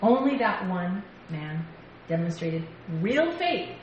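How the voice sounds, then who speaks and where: A woman speaker giving a lively faith talk to a women's gathering from a stage mic, telling stories and laughing often. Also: fairly low pitch, slow pace, muffled recording. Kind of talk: sermon-style faith talk. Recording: echoey hall, faint background noise.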